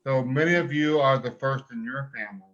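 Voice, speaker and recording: A man's voice: medium pitch, fairly quick, a bit bright, dull audio. A man on a video call giving a casual live update, moved and holding back emotion as he explains things. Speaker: panelist reporting the tally.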